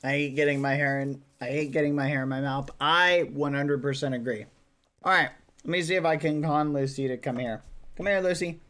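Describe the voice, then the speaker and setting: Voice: medium pitch, steady tone, fairly quick, a bit bright, a little hiss or hum. A live streamer chatting casually with viewers from a desk indoors, talking to chat and cooing at a dog.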